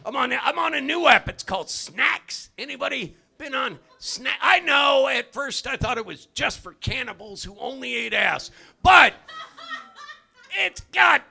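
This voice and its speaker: An older man doing a stand-up comedy set in a club, loud and profane, often shouting his punchlines. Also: extremely high pitch, big pitch swings, unhurried, creaky, husky. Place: comedy club stage, live audience.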